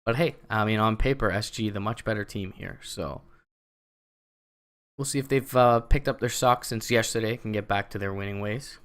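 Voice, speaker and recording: Canadian guy casting esports by himself, slightly low voice, laid back, lots of "you know". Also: normal speed, clean tone. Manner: chatty, relaxed analysis with fillers. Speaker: esports caster. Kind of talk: solo play-by-play commentary.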